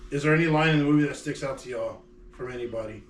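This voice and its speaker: A man's voice: medium pitch, quick pace. A man co-hosting a casual movie review podcast, telling scenes with lots of swearing and asking the others questions. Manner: profane, animated storyteller, asks questions. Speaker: podcast co-host. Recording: echoey room, mic at a distance.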